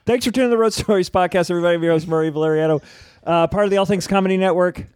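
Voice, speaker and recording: A man hosts a casual comedy podcast, talking in a loose, jokey way and swearing now and then. His voice sits a bit high for a man, recorded close and dry on a studio mic. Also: rapid-fire, darkish tone, smooth, no room sound. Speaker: podcast host. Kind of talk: casual chat. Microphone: studio microphone.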